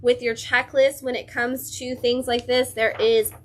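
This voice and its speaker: A woman's voice: on the high side, level tone, unhurried, a little hiss or hum. A young adult woman hosting a comic shop livestream, casually gushing over new releases with lots of fillers. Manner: enthusiastic, gushing, chatty with many fillers.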